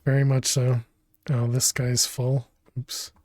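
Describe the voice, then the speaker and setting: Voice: medium pitch, little pitch movement, slow, a little mellow, no room sound, clean studio sound. A game streamer talking through a build during a live stream, muttering and restarting sentences as they think aloud, from a home room on a desk microphone. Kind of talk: casual live-stream gameplay commentary.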